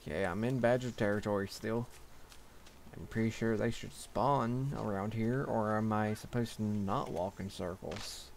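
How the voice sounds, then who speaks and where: Talking to himself as he plays, a young gaming channel host mutters complaints and curses in casual commentary. His voice is on the low side at a moderate pace, with a little background hiss or hum.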